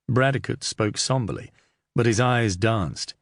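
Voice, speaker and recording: A man narrating an audiobook in a steady, measured reading. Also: fairly low pitch, gravelly, no echo, studio quality. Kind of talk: scripted narration.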